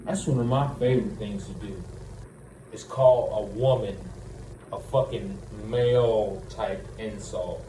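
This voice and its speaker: Slow-talking young man telling a rambling story. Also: on the low side, dark tone. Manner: profane, rambling, restarting with frequent "like". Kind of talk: casual storytelling. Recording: roomy, distant mic, noisy background.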